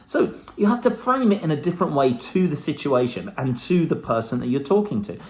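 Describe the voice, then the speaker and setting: A man's voice: high-pitched, a little mellow. Blunt sweary guy doing a self-help vlog, voice jumps up and down a lot. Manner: blunt and profane, with laughs. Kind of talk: casual motivational talk to camera.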